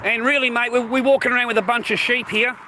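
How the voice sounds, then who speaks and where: High-voiced Australian man rambling outdoors. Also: fairly even intonation, quick pace, sharp tone, poor audio. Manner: rambling, swears often, says mate and bro. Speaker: streamer. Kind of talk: casual rambling talk to viewers. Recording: outdoor traffic noise.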